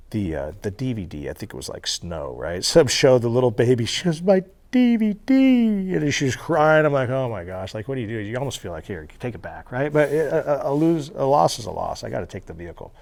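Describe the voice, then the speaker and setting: Gravelly-toned man telling wild stories. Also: on the low side, fairly quick. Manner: animated storyteller, swears casually, laughs at own stories. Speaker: interview guest. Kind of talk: storytelling interview. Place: federal halfway house.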